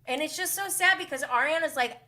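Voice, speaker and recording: A woman hosting a live-stream gossip recap, talking in an animated, sarcastic way with exasperated asides. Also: high-pitched, brisk.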